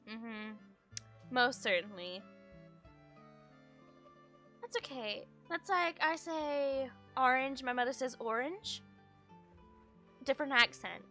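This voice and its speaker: A woman's voice: high voice, bright, forceful tone. A woman streaming a game, reading its text aloud and adding chatty, musing asides in casual commentary.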